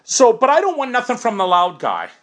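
A woman's voice: on the high side, wildly swooping pitch, brisk. A woman giving an informal talk on recovery steps, explaining each one conversationally through first-person examples. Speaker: recovery program speaker.

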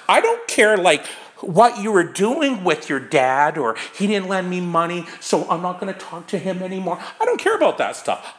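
A man explaining recovery steps to a small group, his pitch swinging widely from low to high as he talks. He tosses in "right?" to keep his listeners with him, and the sound is echoey, as if he is in an open room. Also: fairly bright tone. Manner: conversational, frequent "right?" asides. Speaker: recovery speaker. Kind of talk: informal talk on recovery steps.

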